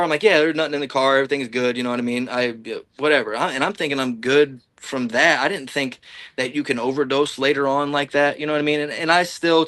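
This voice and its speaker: Fairly high-pitched and a bit bright, this man's voice comes through a dry recording. He's a podcast guest from the Illinois-Iowa border, swearing and rambling through a long personal tale while performing others' dialogue.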